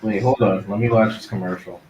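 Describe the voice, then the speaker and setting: A man's voice: on the low side, steady tone, brisk, reverberant, lo-fi sound, background noise. A man co-hosting a casual wrestling watch-along, skeptical and wry. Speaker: podcast co-host.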